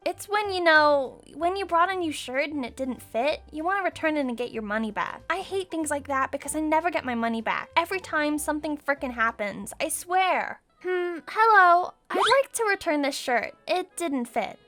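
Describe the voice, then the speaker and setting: A young woman narrating her own animated story with a dramatic, exclamatory and sarcastic delivery. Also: high voice, normal speed, hardly any pauses, faint music behind.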